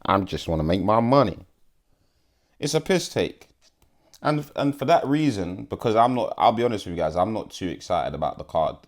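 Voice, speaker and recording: Low-pitched man, casual fight vlogger, blunt and profane, restarts often. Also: lively intonation, fairly quick, a little mellow. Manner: blunt, profane, repeats himself. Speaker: MMA YouTuber. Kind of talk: casual fight prediction vlog.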